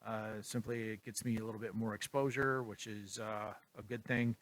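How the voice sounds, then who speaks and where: A man casually talking through his photos in a vlog, relaxed and rambling with lots of ums. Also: on the low side, moderate pace. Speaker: photography vlogger. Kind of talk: casual tutorial talk.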